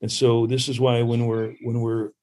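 A man who played professional baseball, a guest telling lively stories about growing up competing with his brother. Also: normal speed. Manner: animated storyteller, mimics others in high voices. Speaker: podcast guest, former pro baseball player. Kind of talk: casual storytelling chat.

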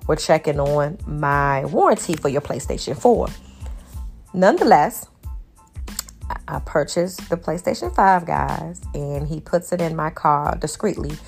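Lower-voiced woman telling a story preacher-style. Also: a little slow, gravelly, soft background music. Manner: lively, preacher-like storytelling, addresses viewers as y'all. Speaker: faith vlogger. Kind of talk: storytelling devotional talk.

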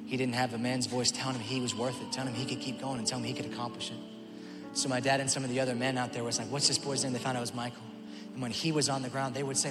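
A male pastor delivering a sermon, moving between quiet storytelling and loud, shouted preaching. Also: medium pitch, flat delivery, rapid-fire. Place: large church auditorium. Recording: long hall reverb with music behind.

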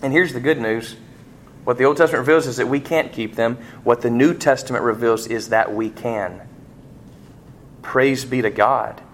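A middle-aged man preaching a sermon, asking the congregation rhetorical questions and rising sharply in pitch and volume on emphatic points. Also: normal speed, slight background noise. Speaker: pastor.

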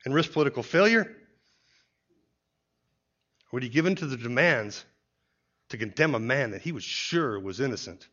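A man's voice: medium pitch, a bit bright. A man giving an expository Bible teaching who explains points step by step and often starts a point with "see". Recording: dull lo-fi recording.

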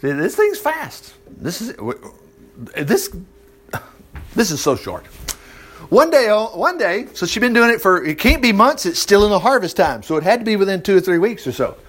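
Male Bible teacher, fairly high and very animated voice, informal read-and-comment delivery. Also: moderate pace. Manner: chatty, exclaims often, laughs and loses his place.

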